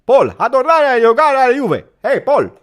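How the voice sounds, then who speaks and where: Man imitating a shouting middle-aged coach, Tuscan accent, high and loud, coaxing. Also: very animated, moderate pace. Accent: Tuscan Italian.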